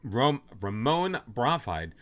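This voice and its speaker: A man's voice: mid-range voice, takes it slowly. A man hosting a football manager let's play, talking casually and poking fun at himself. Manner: chatty, self-deprecating, lively ups and downs. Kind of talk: casual gameplay commentary.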